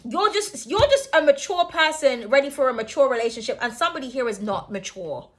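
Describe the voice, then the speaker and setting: A woman's voice: high voice, expressive, fairly quick. A young woman giving a casual tarot reading, chatty and blunt, swearing and laughing freely as she talks. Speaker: tarot reader.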